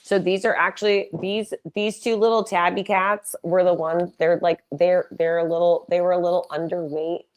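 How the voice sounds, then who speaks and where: A woman's voice: lowish voice, flat delivery, normal speed, few pauses, smooth. A woman hosting a casual livestream fundraiser on a laptop mic, rambling with loose restarts and the odd swear. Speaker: live streamer hosting a fundraiser.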